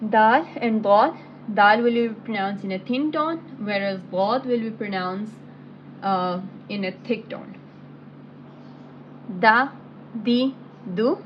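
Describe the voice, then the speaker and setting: A woman's voice: medium pitch, unhurried. A woman teaching a lesson, patiently explaining letter sounds and then reciting the syllables aloud one by one. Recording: dull lo-fi audio with faint background hiss.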